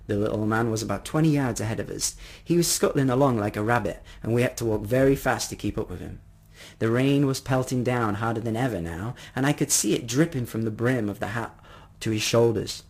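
A man narrating a first-person story in an expressive reading voice. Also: medium pitch, a little fast, breathy edge.

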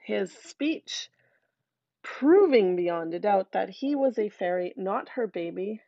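A woman telling a folktale aloud in a lively, conversational way with asides to listeners. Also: mid-range voice, takes it slowly, vocal fry, no room sound, lo-fi sound. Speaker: storyteller.

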